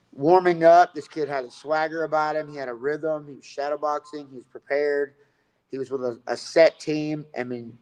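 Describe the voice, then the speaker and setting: A man's voice: a little high, darkish tone, poor audio. A man telling a rambling, profane story about fighting and coaching in a casual interview.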